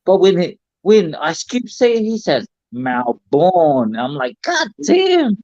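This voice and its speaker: A man, a podcast guest talking casually, playful and quick to apologize. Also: high-pitched, very animated, darkish tone, no echo, lo-fi sound. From New Zealand. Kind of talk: casual chat.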